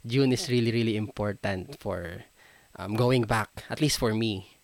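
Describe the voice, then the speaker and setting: A man's voice: fairly low pitch, a little slow, dry recording. A man with a Filipino accent hosting a solo podcast, chatting casually and easygoing, mixing English and Tagalog with plenty of fillers. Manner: relaxed, switching between English and Tagalog, many fillers and laughs. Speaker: podcast host.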